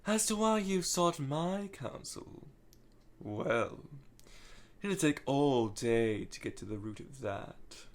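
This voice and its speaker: Man putting on a sinister mocking phantom, low hushed sneer, slow delivery. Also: lively intonation.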